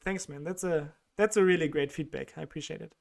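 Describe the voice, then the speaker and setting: A man's voice: fairly high pitch, a little fast, creaky. A man with a strong German accent hosting a casual livestream, reading chat questions aloud and answering them with fillers and small laughs.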